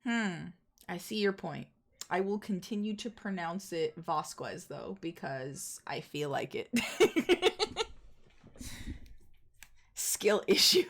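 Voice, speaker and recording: A woman's voice: medium pitch, fairly bright tone. Playful teasing woman streamer. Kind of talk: casual gaming stream chat.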